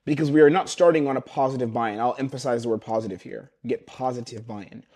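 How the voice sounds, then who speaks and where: Fast-talking sales coach man on webcam. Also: mid-range voice. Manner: fast, energetic, acts out closer lines. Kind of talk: teaching sales scripts with role-play.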